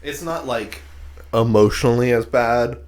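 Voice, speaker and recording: A man's voice: medium pitch, a little slow, darkish tone. A man co-hosting a podcast, throwing in sarcastic quips and reactions. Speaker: podcast co-host. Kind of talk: casual podcast banter.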